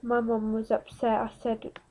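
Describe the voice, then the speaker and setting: Slow, flat-voiced young woman. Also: fairly high pitch, a little hiss or hum, rough recording. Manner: frank, plain-spoken, slow and unhurried. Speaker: vlogger. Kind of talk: candid personal story to camera.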